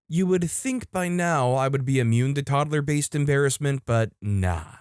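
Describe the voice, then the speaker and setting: A man hosting a story channel, reading posts aloud in a lively, playful way and voicing the quotes. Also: medium pitch, moderate pace, few pauses, smooth, no room sound, studio quality. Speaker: host and narrator. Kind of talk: reading online stories aloud.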